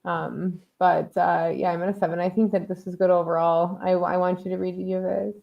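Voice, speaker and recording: A woman's voice: fairly low pitch, flat delivery, fairly quick, creaky, muffled recording. Female panelist, filler-heavy, laughs often, casual critique. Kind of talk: casual review chat.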